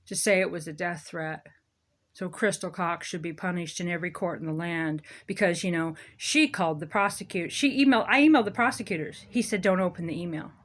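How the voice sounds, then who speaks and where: A woman delivering a sarcastic, emphatic ranting monologue as a local commentator. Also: lowish voice. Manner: sarcastic, emphatic, self-mocking.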